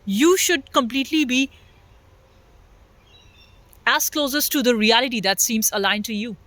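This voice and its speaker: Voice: medium pitch, measured pace, pushed and bright, no echo. A spiritual vlogger speaking in an earnest, unscripted monologue that builds its points through repeated phrases.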